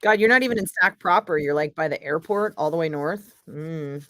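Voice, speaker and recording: A woman's voice: low-pitched, fairly quick, a bit bright, no room sound. Blunt, foul-mouthed woman host. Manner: profane, blunt and sarcastic. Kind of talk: casual chat.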